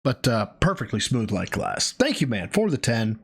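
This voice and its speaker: A man's voice: mid-range voice, big pitch swings, moderate pace, husky. A man co-hosting a live stream, roasting his partner with sarcastic, crude jokes. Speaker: stream co-host.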